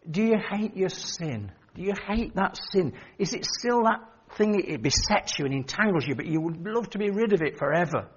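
A man's voice: a little high, animated, normal speed, few pauses, husky, highs cut off. An older man preaching an earnest, pleading sermon that rises to emphatic outbursts. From England.

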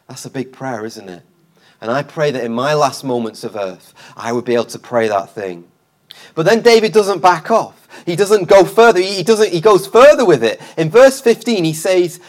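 A man preaching a sermon in a church, passionate, repeating phrases and swinging between loud and soft. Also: a little high, lively intonation, normal speed. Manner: impassioned, repeats phrases, rises and drops in force. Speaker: street preacher, guest speaker.

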